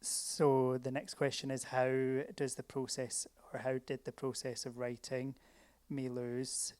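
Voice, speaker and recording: Flat-voiced interviewer reading questions. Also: medium pitch, unhurried. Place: small theater stage.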